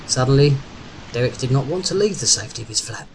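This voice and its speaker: A man reading a story aloud in steady audiobook narration. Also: medium pitch, fast. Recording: noisy background hiss.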